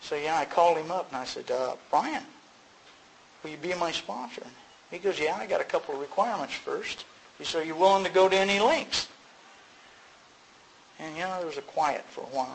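A middle-aged man gives personal testimony to a recovery group, speaking fairly quickly in an easy, chatty voice a little above typical pitch, with some vocal fry. He voices both people in recalled exchanges with sudden leaps in pitch and chuckles at himself. Audio quality is poor, and a faint hum runs under it.

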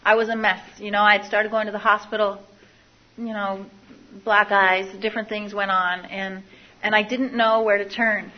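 A woman's voice: mid-range voice, level tone, normal speed, highs cut off. A woman telling her own life story to an audience, candid and confessional, often repeating phrases. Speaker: speaker sharing a recovery story. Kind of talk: personal testimony to an audience.

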